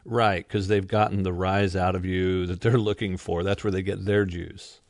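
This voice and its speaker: A man's voice: low-pitched, little pitch movement, normal speed, no echo. A man hosting an interview, engaged and reflective as he asks questions. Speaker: interview host. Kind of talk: conversational interview.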